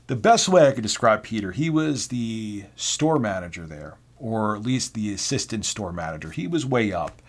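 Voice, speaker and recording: A man hosting a video and telling a personal story. His delivery is casual and animated, and he swears freely. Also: lowish voice, moderate pace, few pauses. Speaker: video host.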